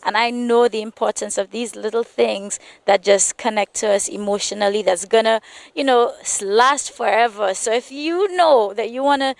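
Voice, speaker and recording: A high-voiced woman from Saint Lucia hosts a morning TV interview, chatty and upbeat. Her voice has a gravelly, fry-tinged edge. The sound is dry and close. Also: normal speed, no room sound. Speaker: morning show host.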